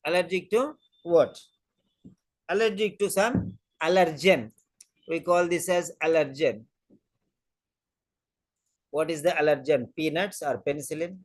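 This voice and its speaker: A tutor giving a listening test lesson, talking slowly and deliberately and repeating each point to drill it in. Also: mid-range voice. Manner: deliberate, emphatic teacher talk. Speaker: exam-prep tutor.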